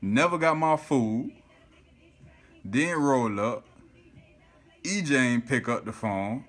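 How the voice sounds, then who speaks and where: Animated man telling a story. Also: mid-range voice, slow pace, faint music behind. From South Florida. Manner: animated, swears often, keeps saying "you feel me". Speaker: vlogger. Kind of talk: casual storytelling to camera.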